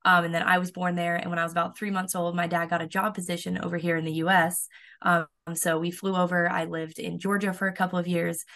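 A young woman with a slightly low voice chats about her playing days as a podcast guest. She talks in an upbeat, easy way, full of little fillers and restarts. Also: level tone, fast, creaky, fairly bright tone. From United States. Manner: chatty, upbeat, many fillers. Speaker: college softball pitcher, guest. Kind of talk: casual podcast interview.

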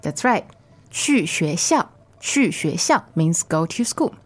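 Slow, lively woman modelling words. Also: on the low side. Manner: repeats each phrase twice, slowly and clearly. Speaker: Mandarin co-host and teacher. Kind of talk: modelling pronunciation in a lesson dialogue.

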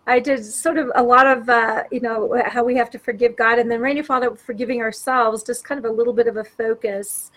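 A woman panelist talks casually over a video call with a fairly high voice. She is playful and quick to joke. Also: steady tone, fairly bright tone. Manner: playful, joking. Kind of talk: casual chat.

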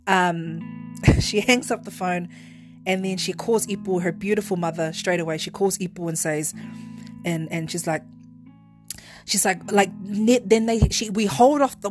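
A woman's voice: medium pitch, moderate pace, soft background music. A woman hosting a podcast, telling personal memories in a rambling, heartfelt monologue. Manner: rambling, heartfelt, restarts often. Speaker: podcast host.

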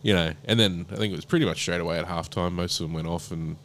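A laid-back Australian man with a low, deep voice, chatting easily as a podcast co-host. He laughs often and keeps the talk loose and unhurried. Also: steady tone, fairly bright tone, slight background noise. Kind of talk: casual chat. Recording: podcast mic in a small room with a humming air conditioner.

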